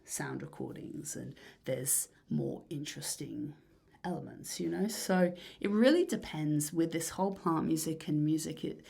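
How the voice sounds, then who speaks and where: A low-pitched woman with a husky, gravelly voice speaks in a relaxed interview. She rambles dreamily, trailing off into soft, breathy asides and filling pauses. Her tone is casual and unhurried. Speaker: musician guest.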